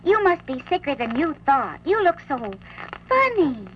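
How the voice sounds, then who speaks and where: A woman's voice: high voice, sing-song, measured pace. A woman voicing a naive, slangy young girl on a comic storybook record, asking innocent, curious questions. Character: naive, slangy young girl, Little Red Riding Hood. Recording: dull lo-fi vintage record with faint hiss.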